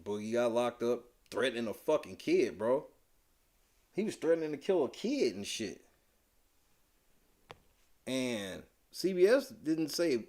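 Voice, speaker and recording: A man with a very animated but slightly slow delivery co-hosts a podcast, casually chatting about reality TV. He talks bluntly with lots of profanity and slang, alternating between quiet muttering and loud, emphatic outbursts.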